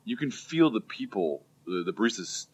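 A man's voice: fairly low pitch, very animated, normal speed, darkish tone, breathy edge, highs cut off. A man rambling casually and joking as host of a conversational chat.

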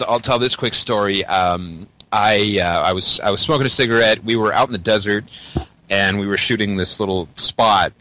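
A man's voice: on the low side, bright, forceful tone, rough recording. A man from Canada telling a story in casual chat, rambling with many restarts and casual swearing. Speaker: podcast guest.

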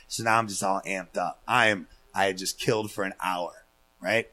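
On a podcast, a guest storyteller with a low voice spins a long, casual tale at a moderate pace. He swears freely and animatedly acts out what people said.

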